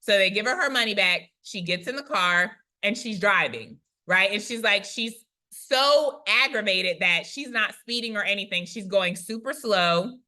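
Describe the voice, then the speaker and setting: A woman who is a Christian prophetic speaker, retelling a testimony in a chatty, animated way, often tagging lines with "right?". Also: medium pitch, normal speed. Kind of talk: conversational storytelling testimony.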